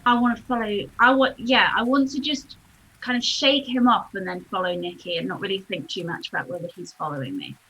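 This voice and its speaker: A woman's voice: medium pitch, brisk, muffled recording, a little hiss or hum. A woman playing in a tabletop game, talking casually with some hesitation. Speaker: player. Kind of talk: casual tabletop role-play. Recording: quiet, far from the mic.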